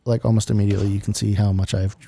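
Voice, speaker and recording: A man's voice: fairly low pitch, level tone, racing, creaky, warm tone, slightly rough. A man co-hosting a podcast in a casual chat, rambling with lots of fillers into a studio microphone. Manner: chatty, rambling, filler-heavy. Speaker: podcast co-host. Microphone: studio podcast mic with headphones.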